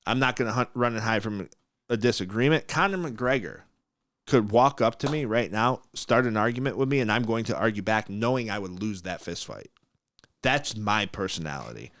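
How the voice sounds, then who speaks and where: A man's voice: lowish voice, expressive, moderate pace, fairly bright tone, no room sound. A man hosting a casual podcast, telling a story bluntly and with animation. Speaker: mortgage broker, podcast host.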